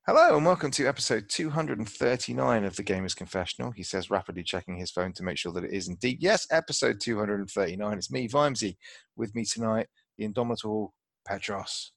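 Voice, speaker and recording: Podcast host, male, low and gravelly, loose joking chatter. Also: animated, fast, a bit bright, no room sound. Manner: joking, rambling with restarts. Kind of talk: casual banter.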